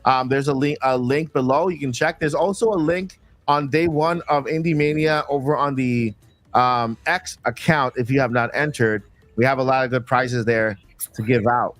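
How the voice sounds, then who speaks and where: A man's voice: medium pitch, a bit bright. A man from Florida hosting a casual stream chat, rambling and restarting his sentences. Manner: rambling, repeats words, halting restarts. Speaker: stream host.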